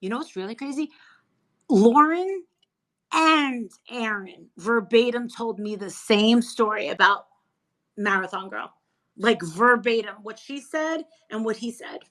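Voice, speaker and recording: A woman guest in a casual chat, talking in an animated, emphatic, gossipy way. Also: a little high, unhurried, rough recording. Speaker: interview guest.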